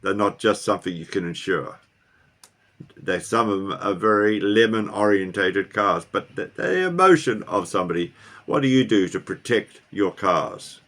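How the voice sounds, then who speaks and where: A man's voice: fairly low pitch, animated, moderate pace, fairly bright tone. A middle-aged man vlogging casually, rambling and often asking his viewers questions. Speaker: car vlogger. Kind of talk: casual talk to camera. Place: New Zealand.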